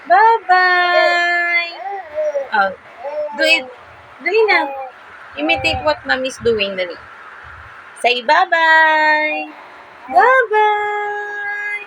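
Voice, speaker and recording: A woman's voice: sits high, animated, slow, pauses often, highs cut off, noisy background. A young mother with a Filipino accent, coaxing her baby in sing-song baby talk for a home vlog.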